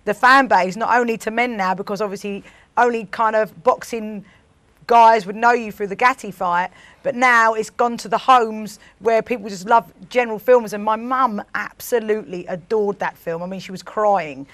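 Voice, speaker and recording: A woman's voice: mid-range voice, moderate pace, fairly bright tone, dry recording. A woman talks in a chatty way, recorded dry and close. She speaks loosely and readily as a promoter on a studio show. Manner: chatty, laughs easily. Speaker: event promoter. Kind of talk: casual studio chat.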